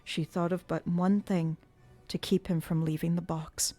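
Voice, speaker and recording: A woman's voice: lowish voice, flat delivery, unhurried, warm tone, no room sound. Woman reading a classic novel aloud. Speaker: audiobook reader. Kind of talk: live audiobook narration.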